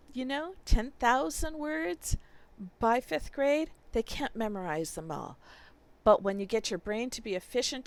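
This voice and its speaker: A woman's voice: fairly high pitch, dry recording. A middle-aged woman patiently explaining to parents how to teach sight words, sounding out letters and example phrases.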